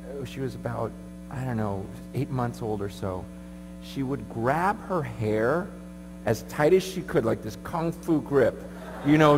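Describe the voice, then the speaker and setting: A man preaching a sermon at a conference, moving from hushed pleading to shouting. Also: a little high. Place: large conference hall. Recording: echoey hall with mains hum.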